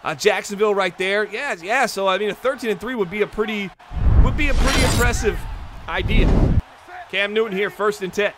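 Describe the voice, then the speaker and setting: A man hosting a football video game livestream, calling the plays in excitable play-by-play and chatting to viewers. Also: sits high, a little fast, heavy background noise. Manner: excitable, chatty, talks straight to the chat viewers. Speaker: livestream host and commentator.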